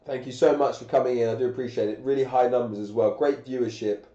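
Speaking fast with a mellow, fairly even delivery, this medium-pitched man is an English teacher running a grammar lesson on a live stream. He's sick and coughing but patiently walks through questions one step at a time. The recording has a dull, echoey lo-fi room sound.

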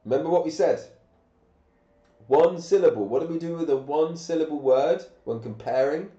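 A man's voice: fairly high pitch, moderate pace, warm tone. A man, sick and coughing, teaching grammar on a live stream with patient step-by-step questions. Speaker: English teacher. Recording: echoey, dull lo-fi room sound.

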